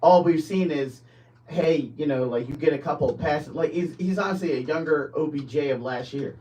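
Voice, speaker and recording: A man on a casual podcast chat who stops and restarts his sentences, often breaking into higher, louder bursts. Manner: halting, restarts a lot, rising animated. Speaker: podcast co-host. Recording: distant from the mic, dull lo-fi.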